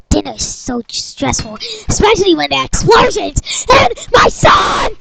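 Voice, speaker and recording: Brief: woman storyteller improvising a game story, slow and dramatic, over clicky noise. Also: very high-pitched, big pitch swings, gravelly. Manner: dramatic shouting and playful voices. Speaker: storyteller voicing all parts.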